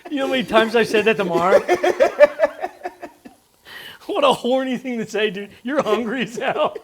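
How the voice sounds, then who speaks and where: A man's voice: very high-pitched, lively intonation, normal speed. A man hosting a cooking show, explaining each step in a casual, crude, joking way from a kitchen.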